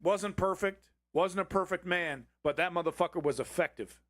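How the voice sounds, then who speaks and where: A man's voice: high-pitched, moderate pace, a bit bright, dry recording, clean studio sound. A man hosting a livestream, reacting to a political clip with angry, profanity-filled ranting. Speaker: livestream host.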